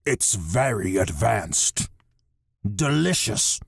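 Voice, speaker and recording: A man narrating an audiobook, voicing a jovial male alien with a deep voice and an odd, clipped cadence. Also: big pitch swings, extremely slow, vocal fry, husky, no echo, clean studio sound, heavily acted. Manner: odd clipped cadence, one-word add-ons.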